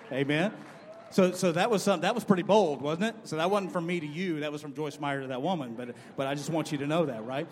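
A middle-aged man preaching a sermon in a church, animated and acting out quoted dialogue in a loud voice. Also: on the high side, fast. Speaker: pastor. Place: church sanctuary. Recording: long hall reverb.

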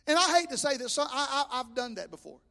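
A man preaching a fervent sermon, swelling loud and restarting his words as he goes. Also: extremely high pitch, big pitch swings, quick pace, vocal fry. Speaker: pastor. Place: church sanctuary. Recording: long echoing reverb of a church hall.

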